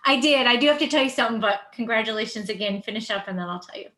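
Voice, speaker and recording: A woman's voice: a little high, rapid-fire, a bit bright. A woman announcing a rank advancement on a team call, hesitant and apologetic. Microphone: online group call.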